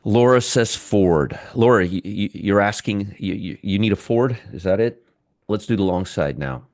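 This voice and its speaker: A man's voice: fairly low pitch, normal speed, darkish tone, no room sound, clean studio sound. A middle-aged man hosting a live stock market stream, chatty, reading out viewer comments and teasing his audience. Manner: chatty, reads viewer comments, jokes and teases. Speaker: stock market show host.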